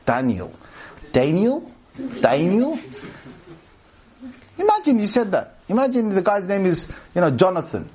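A man giving a sermon to a live audience, animated and joking, asking the crowd questions and reciting verses in Arabic. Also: sits high, brisk, few pauses. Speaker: preacher.

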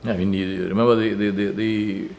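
A man's voice: fairly low pitch, flat delivery, moderate pace, vocal fry, a little mellow. A man preaching a sermon in an earnest manner, stressing points by repetition and often restarting his phrases.

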